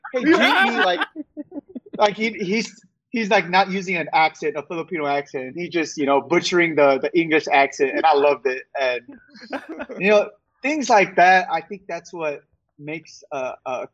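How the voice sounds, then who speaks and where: A man's voice: on the high side, no echo, highs cut off. A young man, a basketball player, chatting casually in an interview, laid-back with lots of fillers and frequent laughs.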